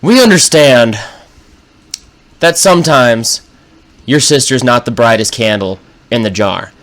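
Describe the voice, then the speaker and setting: A man's voice: medium pitch, lively intonation, a little slow, a bit bright. A man quoting a stern, fed-up older dad. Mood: scolding. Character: exasperated stern older father on the phone.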